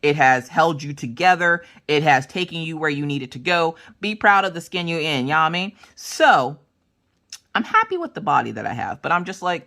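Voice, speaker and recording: A woman's voice: low-pitched, moderate pace. A woman hosting a craft vlog from her home craft room, telling family stories in a casual chat with lots of acted-out voices. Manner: animated, acts out family members' voices. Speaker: craft channel host.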